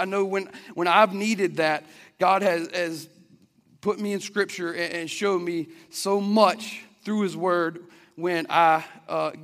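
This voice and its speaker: The long echo of a hall surrounds a man giving a sermon in an earnest, chatty manner. He keeps restarting sentences, and his voice is high with a fairly bright tone.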